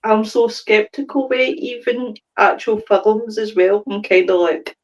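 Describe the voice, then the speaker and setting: A woman's voice: mid-range voice, unhurried, poor audio. Woman cohosting a podcast, chatty, laughs a lot, swears here and there. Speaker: podcast co-host. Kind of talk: casual chat.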